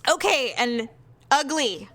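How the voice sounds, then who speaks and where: A woman co-hosting a podcast, telling a bad-date story in a frank, animated way, acting out the dialogue and laughing often. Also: sits high, slow pace. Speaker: podcast co-host. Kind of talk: casual storytelling chat.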